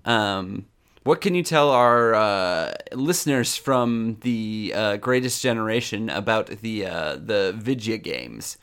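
A man's voice: fairly low pitch, expressive, slow pace, a bit bright, smooth. A young man co-hosting a comedy podcast in casual chat, wry and mock-exasperated with stammering restarts. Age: young adult. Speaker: podcast co-host.

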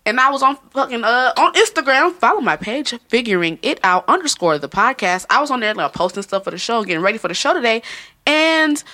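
Woman, podcast host, bright tone, lively pitch, swears and laughs freely. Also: a little fast. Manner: loose, profane, laughing often. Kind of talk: casual podcast chat.

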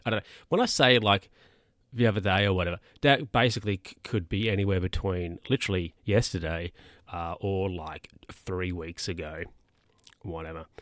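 A man's voice: low-pitched, moderate pace, a bit bright, no room sound, studio quality. A man telling stories casually to camera as a vlogger, rambling and chatty. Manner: rambling, chatty, with mock-quoted voices.

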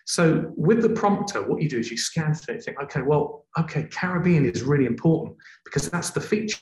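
Expressive male presenter, echoey room. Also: on the high side, a little fast. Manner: expressive, varies tone for emphasis. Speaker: TV presenter, guest. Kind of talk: explaining presenting technique in a conversation.

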